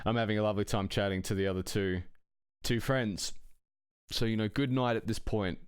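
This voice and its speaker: Smooth low-voiced rambling male storyteller. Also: brisk, no room sound, studio quality. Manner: rambling, profane, chuckling between phrases. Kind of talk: casual anecdote telling.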